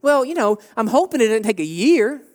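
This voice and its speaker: A man's voice: very high-pitched, very animated, brisk, voice pushed up. An earnest, anxious young girl of about twelve speaks in a raised, pleading voice, as a male preacher acts her out. She sounds worried that time may run out. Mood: hesitant.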